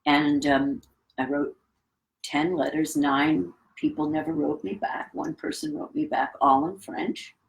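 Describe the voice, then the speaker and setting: A woman's voice: deep voice, steady tone, a little slow, vocal fry, low-quality recording. A middle-aged woman, a conductor, telling a reflective anecdote in a casual interview. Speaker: guest, orchestra conductor.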